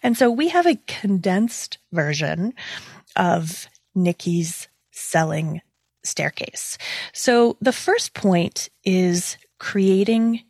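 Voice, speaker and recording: A woman hosting a podcast interview, enthusiastic and quick to laugh. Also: medium pitch, animated, darkish tone, dry recording. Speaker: podcast host. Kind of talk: casual interview chat.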